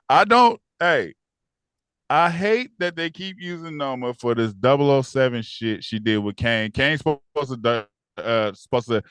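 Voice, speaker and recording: A man co-hosting a casual TV recap podcast, animated and acting out characters in raised voices. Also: medium pitch, a little slow, smooth, no room sound. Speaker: podcast co-host.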